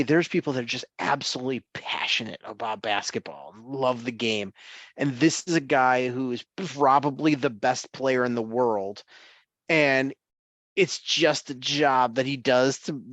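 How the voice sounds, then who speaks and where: A man's voice: medium pitch, fairly bright tone, no echo, lo-fi sound. Give me a chuckling, rambling man co-hosting a sports talk show, recorded dry. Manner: chuckling, rambling, with many restarts. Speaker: sports podcast co-host. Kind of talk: casual sports chat.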